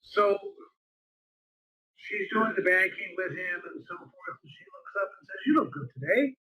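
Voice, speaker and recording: A man's voice: high voice, steady tone, a little slow, crowd noise, low-quality recording. A man telling a personal story in an earnest way, repeating phrases for emphasis. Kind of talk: storytelling talk.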